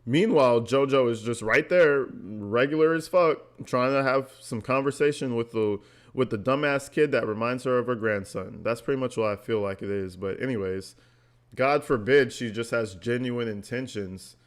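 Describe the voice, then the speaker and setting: A male vlogger reads text messages aloud and reacts with blunt, sarcastic remarks, swearing freely. His voice sits at an ordinary mid pitch. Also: moderate pace, smooth. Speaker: commentary vlogger.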